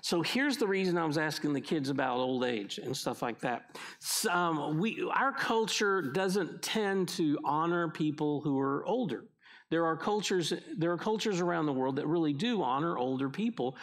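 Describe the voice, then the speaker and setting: A man's voice: a little high, expressive, normal speed. A middle-aged male pastor preaching a conversational sermon, often restarting his sentences as he goes.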